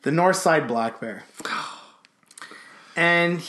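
A man's voice: fairly high pitch, animated, very slow, sharp tone. A man hosting a podcast in casual chat, reading out listener questions in a laid-back way and swearing casually. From Canada. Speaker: podcast host.

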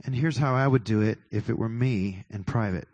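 A man's voice: lowish voice, moderate pace, darkish tone, dry recording, highs cut off. A man leading a casual church talk on prayer, chatty, often laughing and breaking off mid-sentence. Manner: chatty, laughing, self-interrupting. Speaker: worship leader. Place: church worship service.

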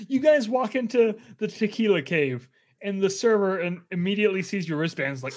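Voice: medium pitch, expressive, moderate pace, darkish tone. A game master narrating a comedic tabletop game, often giggling between lines.

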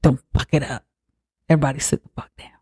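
A man's voice: medium pitch, level tone, fast, darkish tone, slightly rough, dry recording, clean studio sound. A man voicing a frantic, pushy grieving mother in a casual retelling, pleading and swearing. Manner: pleading, profane, insistent.

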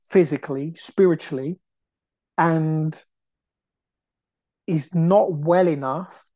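A man's voice: a little high, warm tone, no room sound. A man hosting a podcast, telling a personal story in a rambling way and acting out what people said. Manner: rambling, full of fillers and acted-out quotes. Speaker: podcast host. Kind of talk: casual storytelling monologue.

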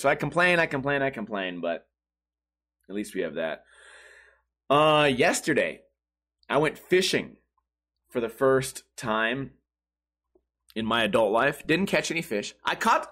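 A man's voice: mid-range voice, a bit bright. A man hosting a comedy podcast, telling stories in a profane, ranting monologue. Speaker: podcast host.

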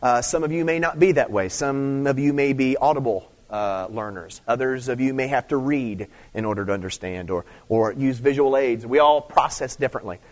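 A man preaching a sermon in a casual, conversational way, repeating phrases, checking in with "okay?", and rising to loud emphatic stress. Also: mid-range voice, moderate pace, few pauses. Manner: conversational, repeats himself, frequent "okay?" and "see"; rises to loud emphatic stress on key points. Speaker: pastor.

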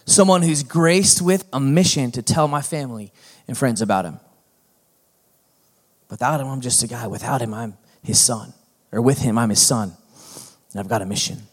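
A man's voice: mid-range voice, normal speed, long pauses, husky. A middle-aged male pastor preaching a sermon in a folksy, conversational manner that builds to emphatic points.

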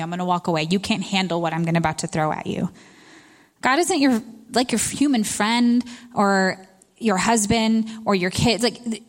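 A medium-pitched woman in her thirties speaks at a retreat, delivering a candid sermon in a conversational style and laughing at herself along the way.

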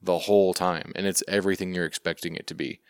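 A young man with a very deep voice trades casual movie criticism in a dry, close recording. He is blunt and dismissive about what he watched. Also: little pitch movement, fast talker, smooth, dry recording. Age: young adult. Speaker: movie review podcast co-host. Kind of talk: casual movie review chat.

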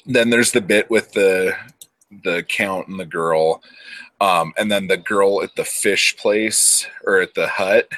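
A man's voice: deep voice, takes it slowly, a bit bright. A man in casual podcast chat, recapping a film in a rambling, profane way and acting out characters in quotes. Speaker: podcast co-host.

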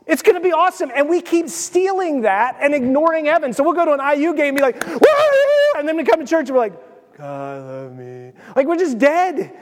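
Excitable high-voiced preacher in a hall. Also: male voice, quick pace, hardly any pauses. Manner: animated, excitable preaching with sudden swings in loudness. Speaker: pastor. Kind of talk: sermon. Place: church sanctuary. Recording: long reverb of a church hall.

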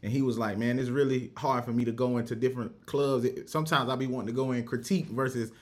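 A man's voice: mid-range voice, fairly even intonation, fast. A man hosting a casual podcast chat, laid-back and encouraging.

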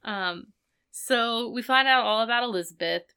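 A woman's voice: on the high side, moderate pace, pushed and bright, clear, resonant tone. A woman co-hosting a podcast, casually recapping a TV episode in a chatty way with many filler words. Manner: chatty, lots of "like" fillers, acts out characters' lines. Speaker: podcast co-host.

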